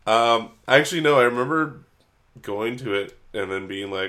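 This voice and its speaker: A podcast co-host with a mid-range, fairly bright voice chats casually at a moderate pace. He's laid-back and rambling, and he swears a lot.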